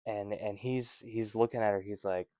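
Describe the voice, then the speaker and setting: A man's voice: fairly low pitch, steady tone, moderate pace, mellow, dry recording. A man hosting a casual Bible study, reading passages and commenting with wry, rambling asides.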